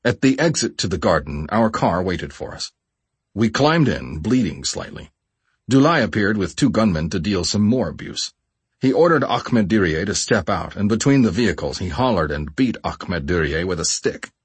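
A man reading a first-person memoir audiobook in a measured, expressive storytelling voice. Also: deep voice, husky, no echo. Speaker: audiobook narrator.

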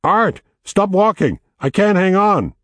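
A man's voice: big pitch swings, drawn-out words, a little mellow, no echo, exaggerated voice. A man voicing a reckless, boastful young brother who taunts and turns everything into a competition. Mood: panicked. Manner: teasing, boastful, rising to shrill panic.

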